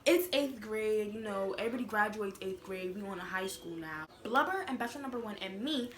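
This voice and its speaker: A young woman vlogger telling a storytime in a sassy, animated way, full of fillers. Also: medium pitch, brisk. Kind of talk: casual storytime. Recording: echoey room with noise.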